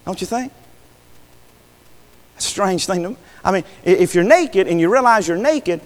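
A man preaches in a folksy manner, peppering his sermon with "Amen" and questions put to the congregation. His voice sits a little high for a man, and a long reverb from a large hall trails behind every phrase. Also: lively intonation, moderate pace.

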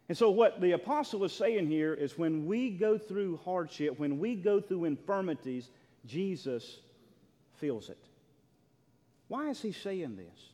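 A pastor preaching a sermon in a church, emphatic, swinging between loud declarations and hushed, near-whispered lines. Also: male voice, fairly high pitch. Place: church sanctuary. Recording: long reverb of a large hall.

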